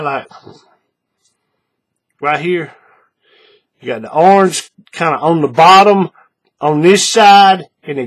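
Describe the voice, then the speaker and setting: A man's voice: a little high, fairly bright tone, slightly rough. A man hosting a hands-on craft tutorial, chatting in a folksy way to his viewers while he works. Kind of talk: casual hands-on craft demonstration.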